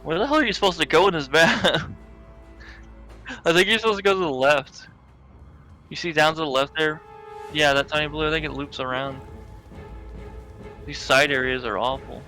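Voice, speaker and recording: A man's voice: a little high, normal speed, long pauses, bright, forceful tone, soft background music. A man streaming a game, rambling and joking in casual chat, swearing freely. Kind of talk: casual chat while gaming. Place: home setup, live stream.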